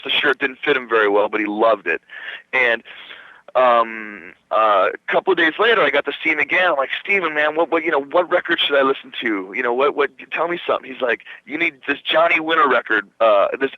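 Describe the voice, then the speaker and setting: A man's voice: medium pitch, dry recording. A man from Minnesota, a rock guitarist, telling a long backstage story in a casual radio interview, acting out the voices of the people in it and swearing casually. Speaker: guitarist guest. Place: radio studio. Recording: dull dry radio recording.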